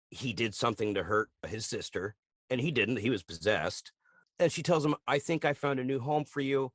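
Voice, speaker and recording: A man co-hosting a podcast, retelling TV scenes in a lively, swearing casual chat and acting out lines in quick voices. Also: on the low side, no echo, studio quality. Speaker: podcast co-host. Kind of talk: casual chat recapping a TV show.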